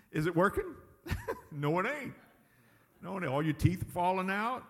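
High-voiced preaching man in a reverberant hall. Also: big pitch swings, a little slow, fairly bright tone. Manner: folksy, emphatic preaching with chuckles. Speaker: pastor. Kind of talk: sermon.

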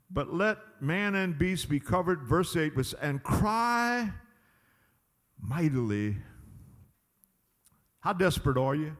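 A man's voice: on the high side, big-room sound. A man preaching a sermon as pastor, emphatic and drawing out his words. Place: church sanctuary.

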